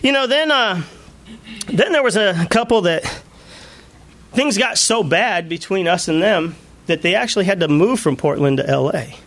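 High-voiced animated male pastor. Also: moderate pace. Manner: animated storytelling with frequent laughter. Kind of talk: sermon.

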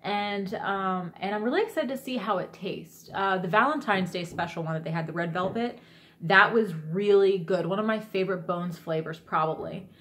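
A woman's voice: mid-range voice, moderate pace. A woman vlogging in a casual, rambling way, enthusiastic and full of fillers and restarts. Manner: rambling and enthusiastic, many fillers and self-corrections. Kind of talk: casual chat vlog.

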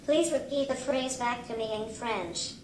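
A female text-to-speech voice gives a patient little robot tutor that talks very slowly in a high, even tone. It repeats the same polite set phrases word for word. The sound is roomy, with faint noise behind it. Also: natural voice. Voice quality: flat, evenly paced robotic speech. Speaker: language tutor. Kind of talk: synthesized speech. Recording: echoey room with faint noise.

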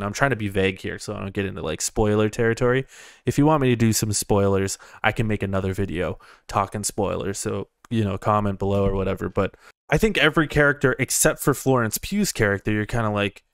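A man's voice: medium pitch, animated, normal speed, clear, resonant tone, no echo, studio quality. A young man giving a casual review from inside his parked car, rambling, chuckling and repeating words as he goes. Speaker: movie reviewer.

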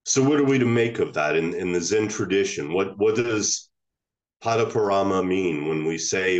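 A male Zen teacher delivers a reflective dharma talk in a low, unhurried voice. He often stops and restarts his phrases as he thinks them through.

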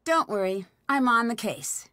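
A woman's voice: a little high, a little slow, noisy background. An actress playing a young, skeptical woman detective in a game. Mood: calm. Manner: calm, inquisitive.

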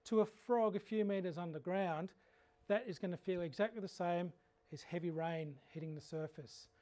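High-voiced Australian man telling frog stories. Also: normal speed. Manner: animated anecdotal storytelling; humorous. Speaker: frog educator. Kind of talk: workshop lecture.

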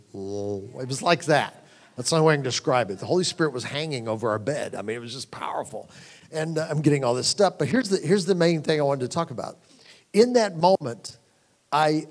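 Animated man preaching a story. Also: fairly high pitch. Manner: drops to hushed tones for quoted moments. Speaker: conference speaker. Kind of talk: sermon. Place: conference hall.

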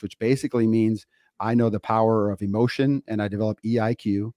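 A man's voice: lowish voice, steady tone, fairly quick, dark tone, dry recording, studio quality. A man co-hosting a podcast, talking earnestly and emphatically, laying out his points one by one. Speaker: podcast co-host. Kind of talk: casual podcast chat.

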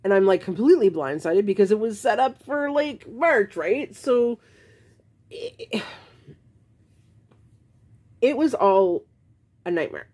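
A woman's voice: mid-range voice, big pitch swings, slow, long pauses, warm tone, husky. A woman vlogging to camera, frankly telling her own story in a casual, exasperated way, rambling with restarts.

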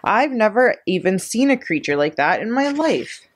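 A woman's voice: on the low side, sing-song, fairly quick, darkish tone. A woman voicing a small, clever girl who protests being wrongly accused, reading a storybook aloud. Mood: defiant. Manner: protesting, pleading, then defiant.

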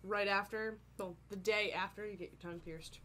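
A woman's voice: mid-range voice, brisk, a little hiss or hum. A woman joking crudely and teasingly as a podcast guest. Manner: crude, teasing, deadpan jokes. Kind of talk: casual podcast banter.

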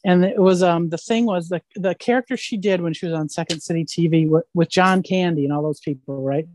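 Actress lady chatting, lowish voice, dry sound, lots of "right?". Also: a little fast, no room sound. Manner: animated storyteller, keeps asking "right?". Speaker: voice actress guest. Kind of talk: casual anecdotal interview.

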